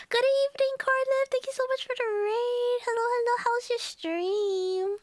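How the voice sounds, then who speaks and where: A woman's voice: very high-pitched, steady tone, moderate pace, few pauses, dry recording. A young woman streamer chatting casually with her live viewers, laughing often and greeting chat by name.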